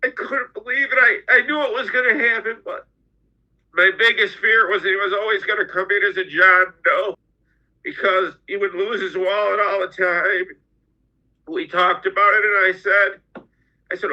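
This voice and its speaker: A middle-aged man telling his own story as a podcast guest, halting and often repeating his words. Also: high-pitched, steady tone, sharp tone. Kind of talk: personal storytelling. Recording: dull lo-fi audio.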